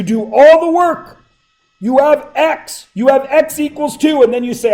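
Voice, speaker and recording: Man, middle-aged, math teacher, high voice, sore throat, classroom lecture, questioning. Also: unhurried, a little mellow, low-quality recording. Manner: questioning, prompts students for answers.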